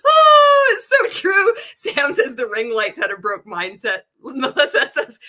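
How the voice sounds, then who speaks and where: A woman hosts a candid reaction livestream in a bright, slightly high voice. She swears freely, laughs often and reads viewer comments aloud as she goes. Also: lively intonation, unhurried, hardly any pauses. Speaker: livestream host reacting to a show.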